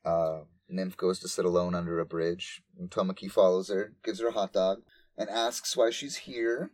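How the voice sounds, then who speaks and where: A man's voice: low-pitched, steady tone, normal speed, darkish tone, no room sound. A man hosting a podcast, casually recapping a show with lots of fillers. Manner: casual, filler-heavy storytelling. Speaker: podcast host.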